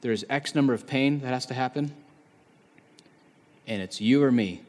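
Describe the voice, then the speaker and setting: A man in his thirties preaching a sermon in a conversational, animated way, acting out the quotes he tells. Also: mid-range voice, normal speed, pauses often. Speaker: pastor. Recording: long reverb of a large hall.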